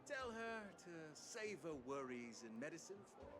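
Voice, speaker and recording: An actor voicing a blunt, weary miner in a game, with a stereotypical Australian accent. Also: male voice, a little high, sing-song, moderate pace, a bit bright. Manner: blunt and dismissive.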